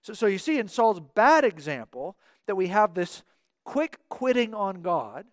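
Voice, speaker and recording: A man's voice: high voice, sing-song, unhurried, no echo, studio quality. A man preaching a sermon as pastor, earnest and repeating words for emphasis.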